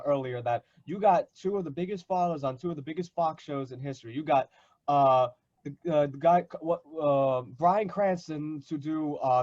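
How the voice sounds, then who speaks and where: A man hosting a fan panel, enthusiastic and polite, halting often with fillers. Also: a little high, darkish tone, dry recording. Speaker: host. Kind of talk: casual chat. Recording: dull, dry sound.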